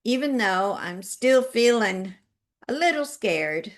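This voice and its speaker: Slow, soothing woman guiding a tapping session. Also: fairly high pitch, lively intonation. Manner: slow, directive coaching with spoken affirmations. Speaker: EFT tapping guide.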